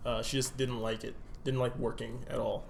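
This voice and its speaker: A man's voice: mid-range voice, normal speed, creaky, slight background noise. A young man co-hosting a podcast, telling a workplace story in casual chat and laughing through it as he swears freely. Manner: laughs through his stories, lively swearing. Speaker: podcast co-host.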